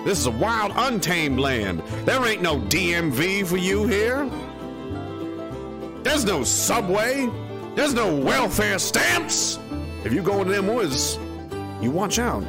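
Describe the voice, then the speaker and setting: A man voicing a folksy old male pioneer telling a frontier tale in a drawling, mock-gruff, ungrammatical way. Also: sits high, sing-song, takes it slowly, over music, heavily acted. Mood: tall-tale gruff.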